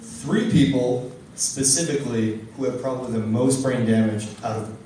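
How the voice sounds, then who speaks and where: A young man doing a stand-up comedy set, telling stories with animated, exasperated voices for the people in them. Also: medium pitch, normal speed, very echoey, recorded from a distance, slight background noise. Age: young adult. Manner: animated storytelling, loud exasperated character bits. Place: comedy club stage.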